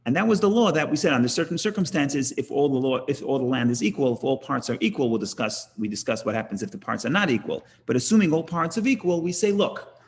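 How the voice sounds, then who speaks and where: A middle-aged man leads a Talmud class in a loose, conversational way, often restarting his sentences. He acts out the people in his examples, and his voice sits at an ordinary middle pitch. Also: animated, fast, few pauses. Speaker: rabbi teaching Talmud class. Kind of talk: informal lecture with storytelling.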